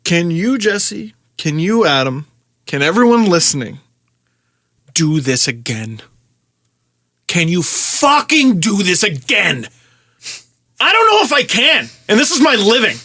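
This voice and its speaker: High bright ranting young man. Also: wildly swooping pitch, measured pace, pauses often. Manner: frustrated profane ranting, shouting at times. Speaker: podcast host. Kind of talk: casual podcast chat.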